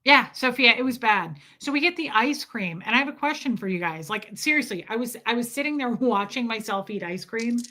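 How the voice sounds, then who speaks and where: A woman's voice: fairly high pitch, a little fast, hardly any pauses. A young woman livestreaming, telling a story in casual chat and acting out what people said, often breaking into laughter. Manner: animated, acts out quotes with laughs.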